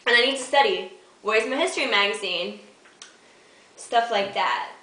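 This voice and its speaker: A teenage girl chats to her camera at home, hyper and giggly, poking fun at herself. Her voice is fairly high and bright with a sharp edge. She sits back from the camera mic in an echoey room. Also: moderate pace, far from the mic. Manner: hyper, giggly, self-mocking. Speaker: vlogger. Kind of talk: casual storytelling to camera.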